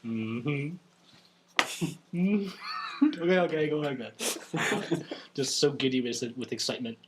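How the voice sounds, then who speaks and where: A man's voice: on the high side, background noise. Young man chatting at a gaming table. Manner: short replies, quick interjections. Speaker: player. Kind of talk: casual chat at a gaming table.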